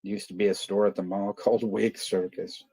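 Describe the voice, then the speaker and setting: A man's voice: fairly low pitch, little pitch movement, moderate pace, dark tone, breathy edge. A man hosting a movie watch party stream, chatting casually, rambling, swearing a lot and laughing often. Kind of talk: casual livestream chat.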